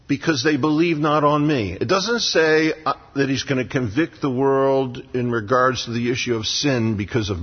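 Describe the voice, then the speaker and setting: A man's voice: medium pitch, husky. A man preaching a sermon as pastor in a church sanctuary, with emphatic repetition. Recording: lo-fi sound with long hall reverb.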